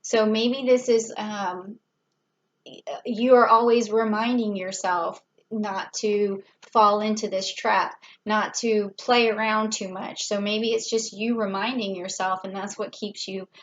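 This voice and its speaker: A woman's voice: medium pitch, steady tone, unhurried, highs cut off, a little hiss or hum. A woman giving a casual tarot reading, talking it through in a chatty way with fillers and small laughs. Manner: chatty, thinks aloud with fillers and little laughs. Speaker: tarot reader.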